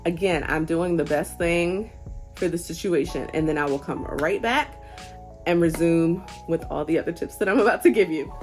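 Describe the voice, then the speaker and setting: Earnest young mom, low-pitched voice. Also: female voice, moderate pace, faint music behind. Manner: earnest, conversational, gently encouraging. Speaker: parenting vlogger. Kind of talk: casual advice talk.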